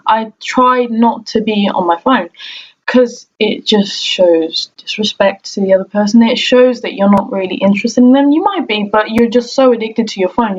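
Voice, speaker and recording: A young woman chatting casually to camera at home about her pet peeves. She laughs often and acts out what other people say. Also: fairly high pitch. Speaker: vlogger. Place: room at home. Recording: dull lo-fi audio with faint noise.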